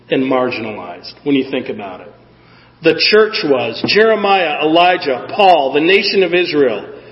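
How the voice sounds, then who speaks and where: A man's voice: a little high, long reverb tail, lo-fi sound. A man preaching a sermon in a conversational way, often asking the congregation "Amen?". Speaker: pastor.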